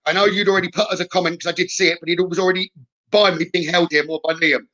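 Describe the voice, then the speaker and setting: Bright high-voiced medium. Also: male voice, steady tone, quick pace, lo-fi sound. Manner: reassuring, keeps adding "okay?". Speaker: psychic medium. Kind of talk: live spirit-message reading.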